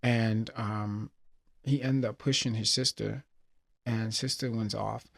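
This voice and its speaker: A man's voice: lowish voice, steady tone, slow, creaky. A man hosting a personal podcast, retelling a film with emotion and many fillers. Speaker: podcast host. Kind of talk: casual personal talk.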